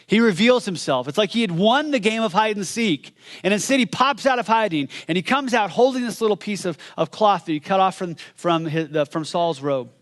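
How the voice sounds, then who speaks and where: A man preaching a sermon as pastor, retelling a story with animated energy, restarting phrases and dropping low and quiet for solemn moments. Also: fairly quick.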